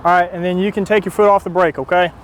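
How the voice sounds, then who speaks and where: A man's voice: sits high, level tone, quick pace. A male police officer talking casually and reassuringly while on duty outdoors on a busy road. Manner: easygoing, reassuring. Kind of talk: casual on-duty narration to camera. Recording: street noise outdoors.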